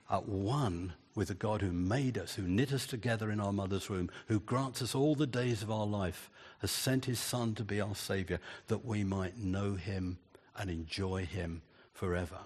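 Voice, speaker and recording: An older man delivers an earnest sermon, stacking repeated phrases for emphasis. His husky voice rings out with a long reverb, as in a church hall. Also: on the low side, darkish tone. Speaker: preacher.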